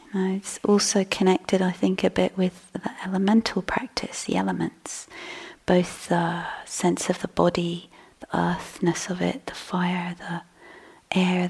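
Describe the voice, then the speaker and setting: A woman meditation teacher giving a dharma talk in a soft, breathy voice that often drops to a whisper. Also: lowish voice. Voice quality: husky, gravelly. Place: meditation hall.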